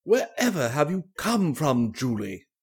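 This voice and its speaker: A reader doing a gruff, hearty old showman. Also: medium pitch, very animated, unhurried, voice pushed down, full character voice. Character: gruff older theatrical man with bushy eyebrows.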